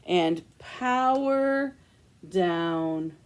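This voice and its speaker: A woman, a children's librarian, reading a picture book aloud with expressive asides to children. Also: fairly low pitch, drawn-out words.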